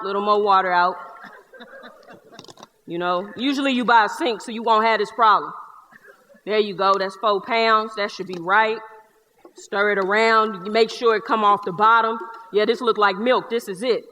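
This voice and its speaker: A woman's voice: mid-range voice, normal speed, a little hiss or hum, lightly acted. A woman in a one-person stage show playing a boisterous young Black man with a Southern accent, who talks in streetwise slang and tells stories with jokes. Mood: playful. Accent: Southern US (North Carolina). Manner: streetwise slang, joking, lively storyteller. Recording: live theater hall reverb.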